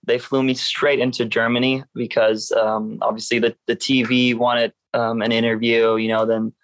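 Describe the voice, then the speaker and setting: A young man tells a lively story as an interview guest, switching into other people's voices as he recounts what they said. His voice sits at an ordinary middle pitch and sounds close and dry, with no room echo. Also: normal speed. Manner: animated, acts out other people's lines in a raised voice. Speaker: professional surfer guest.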